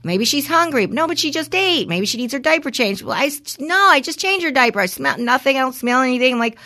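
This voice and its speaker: A woman co-hosting a podcast, telling candid stories as a mother in a casual, expressive way. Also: high voice, fast. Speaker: podcast co-host. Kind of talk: casual chat.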